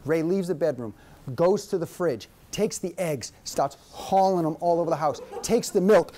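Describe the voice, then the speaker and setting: A man gives a workshop lecture to an audience, telling stories with animation and repeating key points for emphasis. His voice runs on the high side at a moderate pace.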